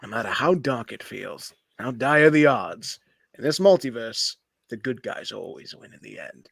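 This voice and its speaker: Brief: man putting on a heroic cartoon rabbit hero, low and earnest, soft delivery. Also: animated, normal speed, gravelly, breathy edge, no room sound, heavily acted. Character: heroic male cartoon rabbit superhero, brave and kind.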